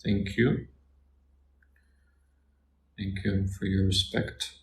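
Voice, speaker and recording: A man with a Russian accent, a Russian tutor answering questions in a casual lesson, repeating Russian words slowly for practice. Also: sits low, little pitch movement, gravelly. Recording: echoey room, faint noise.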